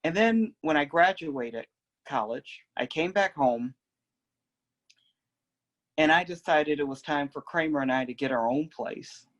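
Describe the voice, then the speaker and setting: A young man telling a personal story in a gentle, reflective, unhurried way. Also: fairly high pitch, expressive. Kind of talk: personal oral history storytelling.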